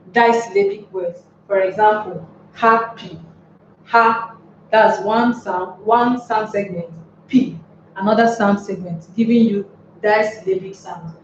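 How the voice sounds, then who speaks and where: A woman teaching a grammar lesson, speaking slowly and deliberately and putting rhetorical questions to the class. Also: mid-range voice, darkish tone. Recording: echoey room, distant mic, dull lo-fi sound with faint noise.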